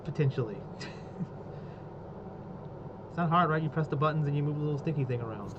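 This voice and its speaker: A man with a fairly high voice jokes around at a tabletop game session, quick to laugh. Clear background noise hangs under the recording. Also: muffled recording. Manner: joking, animated, laughs often. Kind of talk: casual game-table chat.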